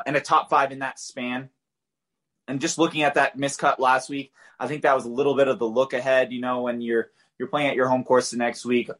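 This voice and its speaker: Medium in pitch and a bit bright, this man's voice carries a loose, chatty podcast segment on golf bets. He pads his picks with fillers and keeps restarting his thoughts.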